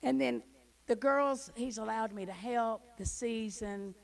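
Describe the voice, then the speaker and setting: A middle-aged woman, a guest speaker giving an emotional church testimony that swings from hushed to loud. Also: on the high side, unhurried, poor audio. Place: church hall.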